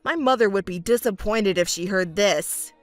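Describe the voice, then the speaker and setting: A woman's voice: medium pitch, normal speed, faint music behind, voice pushed down, natural voice. Woman doing an arrogant, scornful young man. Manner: condescending, scolding. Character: arrogant self-important young man, fiancé. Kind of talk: texting story voice acting.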